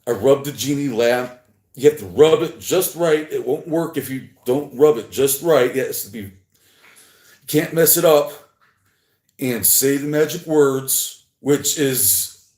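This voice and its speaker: A man livestreaming alone, rambling and halting as he talks to his chat. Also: medium pitch, a little mellow. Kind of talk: rambling solo livestream talk. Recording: echoey room.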